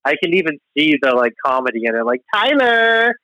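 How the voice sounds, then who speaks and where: Guy guest on a podcast, bright kinda high voice, deadpan jokes, dry sound. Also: fast, no room sound, dull audio. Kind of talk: casual chat.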